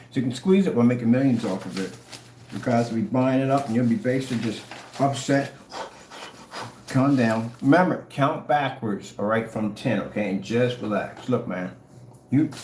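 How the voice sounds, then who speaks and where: A man ranting to the camera, mocking and taunting his critics with dramatic swings in tone. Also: high-pitched. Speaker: online product seller. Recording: echoey room, faint noise.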